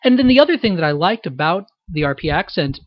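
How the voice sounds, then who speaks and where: A man's voice: fairly high pitch, very animated, fast talker, no room sound, muffled recording. A man, a voice actor, giving a thoughtful, explanatory audio commentary about his roles. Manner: thoughtful, explanatory, self-reflective.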